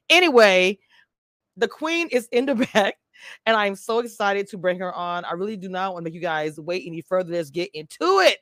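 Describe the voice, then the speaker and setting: A woman's voice: mid-range voice, fairly quick, fairly bright tone, no echo, studio quality. A woman hosting a live online interview, gushing and playful with lots of slang. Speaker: host of a reality TV review channel. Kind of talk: excited live-stream interview.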